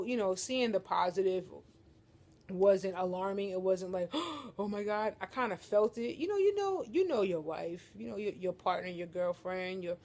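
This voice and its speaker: A young woman talks to her viewers from a couch at home in an easy, joking way, calling them y'all. Her pitch sits in a middle range for a woman, and the talk is loose and playful. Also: warm tone. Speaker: vlogger. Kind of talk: casual chat to camera. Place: living room couch at home.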